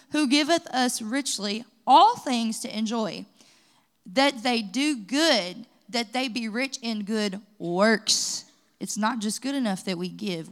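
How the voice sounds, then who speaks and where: Lively Kentucky woman preaching. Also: fairly high pitch. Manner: lively storytelling, rising to exhortation. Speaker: pastoral staff member teaching Bible study. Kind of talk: preaching with personal testimony. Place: church sanctuary.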